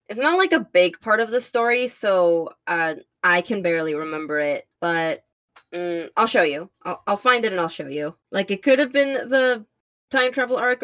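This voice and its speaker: A woman's voice: fairly high pitch, a bit bright. Young woman co-host, casual fan chat, rambling and filler-heavy. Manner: rambling, many fillers, searching for words. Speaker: podcast co-host.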